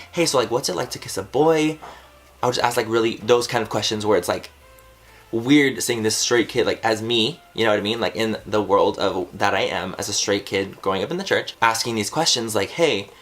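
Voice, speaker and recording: Young man, 20s, somewhat low voice, casual vlog storyteller, animated, swears a lot, heavy "like" filler. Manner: animated, swears freely, fills with "like". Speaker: vlogger. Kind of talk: casual personal storytelling to camera.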